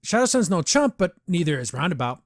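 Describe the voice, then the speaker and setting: A man hosting a podcast, reviewing a cartoon episode in an animated, excitable way with many restarts. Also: high-pitched, fairly quick, dry recording, studio quality. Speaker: podcast host. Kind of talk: casual episode review chat.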